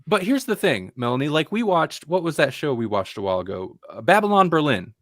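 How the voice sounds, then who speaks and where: A man's voice: a little high, big pitch swings, a little fast, no echo, studio quality. A man co-hosting a podcast, reviewing a film in casual, rambling chat with lots of restarts. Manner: rambling, restarts often, puts on dull voices to mock actors. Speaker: podcast co-host.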